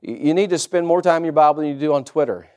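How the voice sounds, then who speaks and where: A male pastor preaching a sermon, reading scripture aloud and rising into loud, fervent preaching. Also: fairly high pitch, quick pace, smooth.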